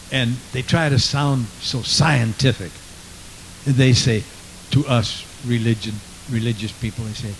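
A man preaching with fervent conviction, mid-pitched and earnest. He reads scripture aloud and keeps repeating his praise phrases. A faint hiss sits under the recording. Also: low-quality recording. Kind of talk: sermon.

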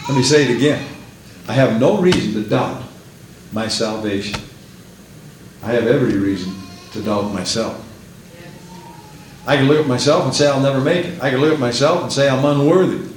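A man preaching a sermon in an emphatic, repetitive style that builds to shouts. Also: medium pitch, normal speed, long pauses, roomy sound, a little hiss or hum, low-quality recording.

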